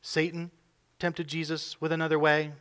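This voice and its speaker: A man preaching a sermon as pastor, building emphasis and swinging between loud pushes and quiet drops. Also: a little high, monotone, normal speed, clear, resonant tone. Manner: emphatic preaching, voices quoted figures with rising force.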